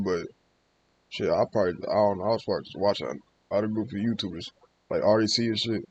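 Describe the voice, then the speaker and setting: Fast-talking man with a dark voice. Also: on the low side, highs cut off, slight background noise. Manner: loose, slangy, hedging with "I ain't gonna lie". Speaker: reaction video host. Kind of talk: casual reaction commentary.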